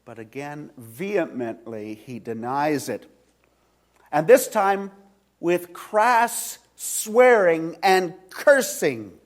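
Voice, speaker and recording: A male pastor preaching a sermon in a church, retelling a story slowly with dramatic swings from loud to hushed. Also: on the high side, expressive. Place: church sanctuary.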